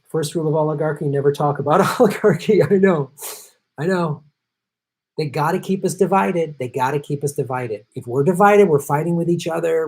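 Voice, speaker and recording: A man's voice: a little high, poor audio. A middle-aged man hosting a political live stream, reading viewer chats in a blunt, sarcastic, profane way. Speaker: political show host.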